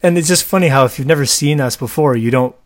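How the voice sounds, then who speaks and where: A man's voice: a little high, fast, dry recording, clean studio sound. Chatty man acting out stories. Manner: animated storyteller, acts out quoted voices. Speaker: podcast co-host. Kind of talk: casual chat.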